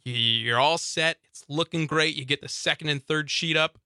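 A man's voice: fairly high pitch, normal speed, pushed and bright, smooth, dry recording. A man co-hosting a radio talk show in a studio, telling a story in a chatty way and laughing often. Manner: chatty storyteller, laughs often, acts out his own thoughts. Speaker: radio co-host. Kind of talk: casual radio chat.

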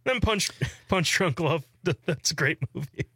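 A man's voice: fairly high pitch, expressive, a little slow, pushed and bright, husky, no room sound, studio quality. A man co-hosting a casual radio talk show in an easygoing way, often laughing.

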